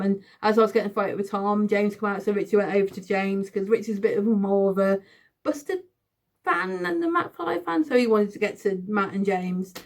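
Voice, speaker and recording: A woman in her thirties, telling a storytime vlog in an excitable, giggly, chatty way. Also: mid-range voice. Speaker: vlogger. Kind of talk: casual storytime.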